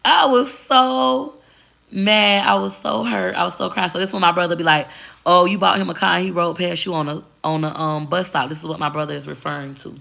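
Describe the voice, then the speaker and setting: Gravelly, bright-voiced woman telling stories. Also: on the low side, brisk. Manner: candid, blunt, profane, animated. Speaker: vlogger. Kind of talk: casual storytelling to camera.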